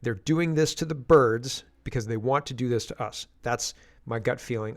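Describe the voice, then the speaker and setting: A man's voice: medium pitch, fairly even intonation, normal speed. A man from Canada hosting casual political commentary, chatty and skeptical, often restarting his sentences.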